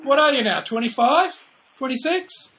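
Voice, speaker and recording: A man with a very high voice co-hosts in a chatty, teasing way. He throws "mate" into almost every remark as he jokes with the others. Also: expressive, normal speed, bright, forceful tone, a little hiss or hum. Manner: chatty, joking, says mate a lot. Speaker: podcast co-host. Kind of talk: casual chat.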